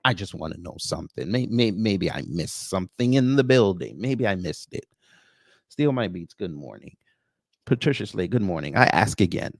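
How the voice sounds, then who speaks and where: A man's voice: low voice, lively intonation, moderate pace, gravelly, no echo, studio quality. A man hosting a livestream, reading viewer names and commenting with a sarcastic, mocking edge. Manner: sarcastic, greets chat viewers by name. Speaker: livestream host.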